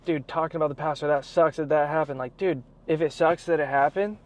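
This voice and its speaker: A man vlogging in a casual, animated storytelling way, full of slang like bro and dude. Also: a little high, fairly quick. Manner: excited, animated retelling. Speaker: vlogger, athlete.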